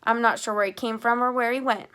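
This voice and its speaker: A woman's voice: fairly high pitch, fairly even intonation, fast, a bit bright, lightly acted. A woman reading an audiobook, voicing a tired, protective mother who speaks plainly. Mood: weary. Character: weary mother, protective of her son.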